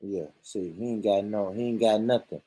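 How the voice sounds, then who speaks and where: A man's voice: on the low side, moderate pace, husky. A man hosting his own vlog, ranting comedically with lots of swearing and frequent laughs. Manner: animated, swearing, laughing often. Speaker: vlogger. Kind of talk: profane comedic rant.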